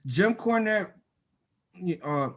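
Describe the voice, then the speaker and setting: A young man with a slightly raised voice co-hosts a casual wrestling show. He talks in an excitable, animated way, with plenty of fillers. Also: high voice, drawn-out words. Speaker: co-host.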